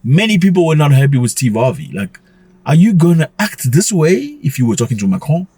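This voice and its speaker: Man, casual commentary vlog, husky voice, lively swinging pitch, rhetorical questions, chuckling. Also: fairly quick, no room sound. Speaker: commentary channel host.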